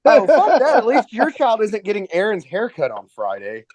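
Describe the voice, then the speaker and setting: A man's voice: high voice, huge pitch swings, moderate pace, a little mellow, no room sound. A man co-hosting a podcast in casual chat, joking and teasing his friends. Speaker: podcast co-host.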